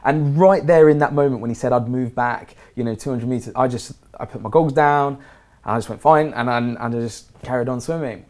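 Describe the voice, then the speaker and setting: A man telling a story in casual conversation as a podcast guest, animated and laughing often. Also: medium pitch, brisk.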